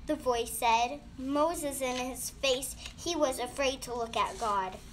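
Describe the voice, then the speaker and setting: A woman's voice: high-pitched, slow pace, slight background noise. A woman telling a children's Bible story in a hesitant way with ums, addressing kids at church.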